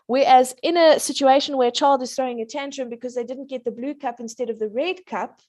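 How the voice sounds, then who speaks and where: A woman's voice: high voice, fairly even intonation, fairly quick. A woman in her thirties, a parenting coach chatting on a talk show, telling family stories with frequent laughter. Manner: warm anecdotal, laughs often, acts out child voices. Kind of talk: casual talk show chat.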